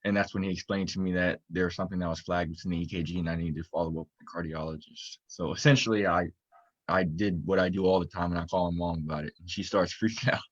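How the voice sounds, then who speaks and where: A man's voice: low voice, steady tone, quick pace, no room sound, lo-fi sound. A young man from Florida, a student-athlete guest, telling his story earnestly in a casual interview, rambling with many fillers. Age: young adult.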